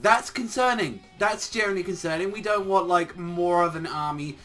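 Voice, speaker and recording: A man casually recapping a manga chapter, excitable and profane, full of "like" fillers. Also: high-pitched, normal speed, faint music behind. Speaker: manga reviewer.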